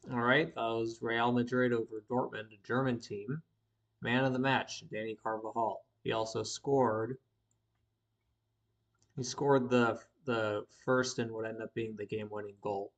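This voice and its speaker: A man's voice: mid-range voice, muffled recording. A young man hosting a live stream in a casual, rambling way, with a slight lisp, correcting himself as he goes. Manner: rambling, self-correcting, thinks aloud while reading from screen. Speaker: sports commentator host.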